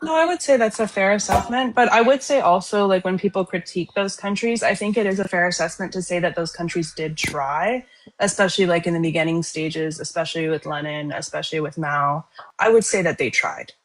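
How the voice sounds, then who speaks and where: A woman's voice: on the low side, fairly quick. A woman in a casual online political discussion, explaining her views in a self-assured way. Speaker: debate participant.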